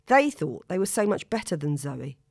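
A woman narrating a story in a steady, expressive reading. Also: sits low, normal speed, no echo, studio quality. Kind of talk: audiobook narration.

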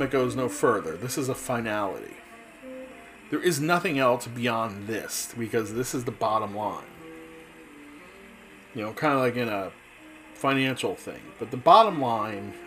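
A man's voice: mid-range voice, a bit bright, rough recording. A man talking casually in a rambling monologue, chatty and full of restarts.

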